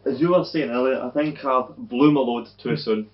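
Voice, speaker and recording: A man's voice: medium pitch, normal speed. A Scottish man co-hosting a podcast, chatting with cheeky, laughing banter. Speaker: podcast co-host. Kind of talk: casual chat. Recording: muffled lo-fi with faint hum.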